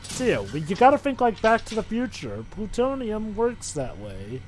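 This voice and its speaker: A man's voice: high voice, huge pitch swings, moderate pace, a crowd in the background. A man co-hosting a let's play, joking sardonically in casual banter. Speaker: co-host. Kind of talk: casual banter over gameplay.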